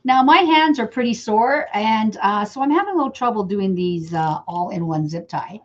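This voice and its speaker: A woman's voice: mid-range voice, lively intonation, normal speed. Chatty woman demonstrating wreath making. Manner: chatty, talks to viewers by name while working. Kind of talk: casual live-stream crafting demo. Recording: slightly dull lo-fi sound.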